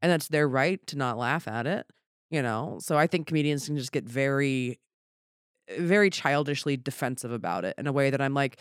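A man, a comedian, talking in a casual podcast chat, rambling and animated and swearing offhandedly. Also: mid-range voice, moderate pace, smooth, no echo, studio quality. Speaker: comedian guest.

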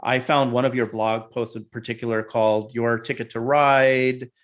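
A man's voice: medium pitch, flat delivery, moderate pace. Friendly male interview host. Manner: friendly, affirming listener who poses long questions. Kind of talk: interviewing, reading out questions.

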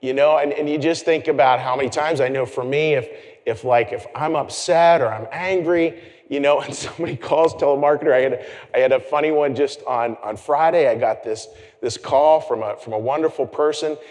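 A man preaching a conversational sermon as pastor, animated and chatty, with self-deprecating asides. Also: medium pitch, fairly quick, big-room sound. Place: church sanctuary.

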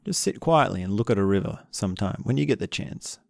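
A man calmly teaching about relationships in an unhurried, reflective way, sometimes acting out what couples say. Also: fairly low pitch, creaky, dry recording, studio quality. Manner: calm, unhurried, acts out quoted couples.

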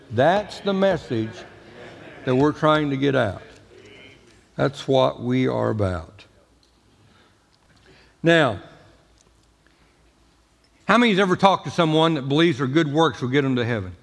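A man's voice: fairly high pitch, lively intonation, normal speed, creaky, pauses often, fairly bright tone, big-room sound. A man preaching a sermon as pastor, talking in a folksy, emphatic way with jokes. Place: church sanctuary.

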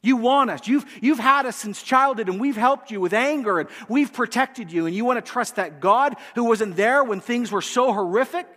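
A man's voice: extremely high pitch, moderate pace, hardly any pauses, voice pushed up. A man voicing a chorus of tempting demons, taunting and mocking, with the long reverb of a large hall. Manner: taunting and mocking, then falsely flattering. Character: sneering tempting demons, voiced as a group.

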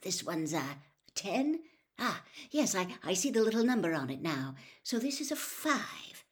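An eager, flustered middle-aged wizard father with a bright, lifted voice, as a woman reader puts him on. He fusses and hurries over his words, keen and a bit anxious. A storybook reading. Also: medium pitch, sing-song, unhurried. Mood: nervous.

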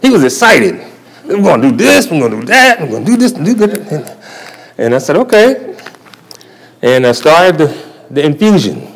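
A man's voice: on the high side, very animated, normal speed, gravelly, long pauses, slightly rough, poor audio. A male church elder giving a sermon testimony at a convocation, telling his story in a folksy way and chuckling often.

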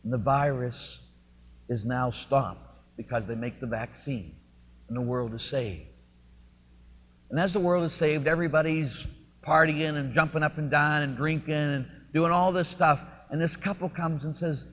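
Guy pastor preaching, husky voice, swings loud then hushed, long church echo. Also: fairly high pitch, normal speed. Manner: impassioned storytelling, rising and falling. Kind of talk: sermon. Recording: lo-fi recording in a reverberant church.

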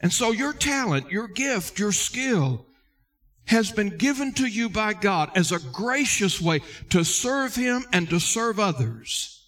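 A man's voice: high voice, very animated, takes it slowly, a bit bright. A male pastor preaching a sermon earnestly, addressing listeners directly and repeating key words for emphasis.

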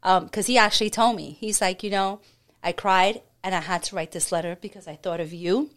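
A woman's voice: mid-range voice, fairly quick, a bit bright. Earnest woman sharing a sweet story. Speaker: podcast guest, partner of a host. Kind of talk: casual chat.

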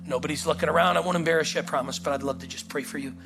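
Animated pastor preaching. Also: male voice, a little high, very fast, creaky, over music. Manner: animated, acts out the story in voices, calls "come on". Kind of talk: sermon. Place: church auditorium.

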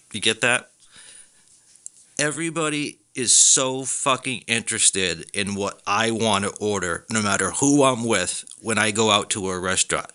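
A man hosting a podcast, ranting in a casual comic monologue, swearing often and mocking people in high put-on voices. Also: smooth. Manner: animated, profane, laughs often, slips into high mocking voices. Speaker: podcast host.

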